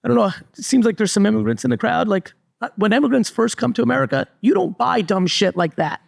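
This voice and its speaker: A middle-aged man speaking to a live crowd, blunt and emphatic, leaning hard on his points. His voice sits high with a gravelly edge, and the sound is close and dry. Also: fast talker, no room sound. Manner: blunt, emphatic, repeats "literally". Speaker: entrepreneur and guest speaker. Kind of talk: live stage talk to an audience. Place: resort event stage before a live audience.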